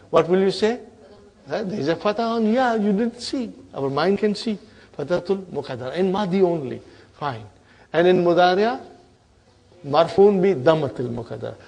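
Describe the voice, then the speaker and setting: A man's voice: high-pitched, darkish tone. A middle-aged man teaching an Arabic grammar class, drilling forms and often checking whether the students follow. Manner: prompting students with "huh?".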